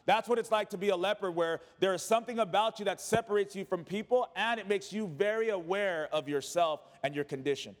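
A man's voice: high voice, a little fast, hardly any pauses, long reverb tail. A man preaching as a pastor, reading scripture and then driving his point home with emphatic repetition and casual asides. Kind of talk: sermon.

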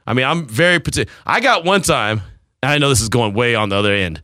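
A male radio host chatting casually on air and rambling through a story. His voice is bright and forceful, with a pitch that swings widely. The sound is dry and close. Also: quick pace, no room sound. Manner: animated storytelling, rambling, laughs at himself.

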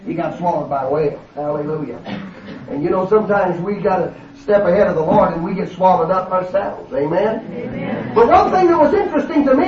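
A man's voice: high-pitched, brisk. A man preaching a fervent, folksy sermon in a church, often calling out hallelujah. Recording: distant, roomy, dull sound.

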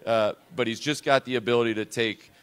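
A man's voice: medium pitch, fairly even intonation, fairly quick, a bit bright, smooth. A man, a head basketball coach, talking in a reflective, loose and unscripted way on a coach's show. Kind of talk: conversational coach's show interview.

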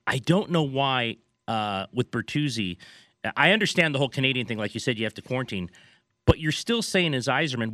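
A man rattling through casual sports talk at a quick clip, his voice bright and forward. He laughs easily and slips into little acted-out quotes. The recording is dry and close. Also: mid-range voice, lively intonation, no room sound. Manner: rapid, laughing, acts out quotes. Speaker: sports podcast co-host.

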